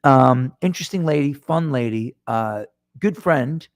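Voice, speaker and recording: A man's voice: mid-range voice, a little slow, dry recording, clean studio sound. A middle-aged man hosting his own podcast, talking to listeners in a rambling, self-deprecating way with lots of restarts. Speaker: podcast host. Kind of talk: casual solo monologue. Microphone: microphone in front of him.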